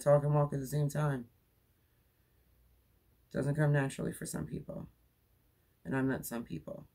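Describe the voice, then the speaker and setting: A woman's voice: deep voice, fairly even intonation, moderate pace, vocal fry, long pauses, mellow. A woman in her forties talking casually to her viewers. She rambles, laughs often and fills her sentences with ums and likes. She sounds tired from being up all night. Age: 40s. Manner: rambling, chatty, laughs often, many fillers. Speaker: crochet vlogger. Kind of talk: casual chat.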